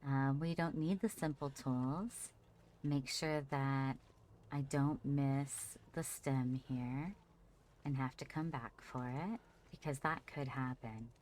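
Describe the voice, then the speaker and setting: A woman with a notably deep, low voice, talking casually through a live gameplay stream. She chats easily with viewers and calls her character "darling" as she goes. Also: takes it slowly, darkish tone, a little hiss or hum. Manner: chatty, talks to her character and chat fondly. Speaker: livestreamer.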